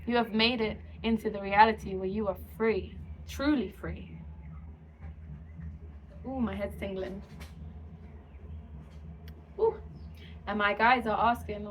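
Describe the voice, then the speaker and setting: Woman channeling a spiritual message, slow and soothing, lots of repeating, medium pitch, a bit of faint noise behind. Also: fairly even intonation, low-quality recording. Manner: slow, soothing, repetitive affirmations.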